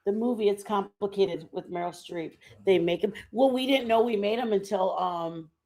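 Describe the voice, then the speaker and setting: A woman's voice: mid-range voice, normal speed, dark tone. Chatty middle-aged woman telling stories. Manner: rambling, chatty storytelling with many fillers. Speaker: livestream host. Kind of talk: casual chat.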